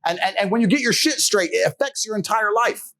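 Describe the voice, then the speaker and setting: A man's voice: sits high, animated, fairly quick, bright, forceful tone. A man in a podcast chat, telling boastful stories in a brash, profane way and laughing often. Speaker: podcast guest. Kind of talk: casual storytelling chat.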